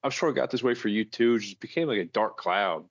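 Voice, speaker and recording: Man, electrician co-host, blunt storyteller, low voice, dry slightly dull sound. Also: fast, no echo. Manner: blunt, storytelling, swears casually. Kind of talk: casual chat.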